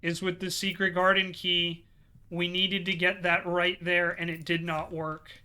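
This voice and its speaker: A man's voice: sits high, level tone, a little slow, pushed and bright, clean tone. A man hosting a let's play video, commenting as he plays and sighing and lamenting his setbacks with repeated dismay. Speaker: gaming video host.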